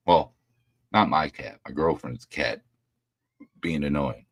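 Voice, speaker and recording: A man's voice: very deep voice, slow, dry recording, clean studio sound. A man hosting a casual livestream, talking bluntly and ranting with plenty of profanity. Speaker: livestream host.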